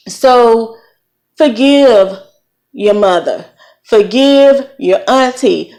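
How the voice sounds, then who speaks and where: A middle-aged woman from Virginia with a light Southern accent, giving encouraging, preachy parenting advice in a casual vlog. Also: high voice. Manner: warm preachy encouragement with folksy phrasing. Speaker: vlogger.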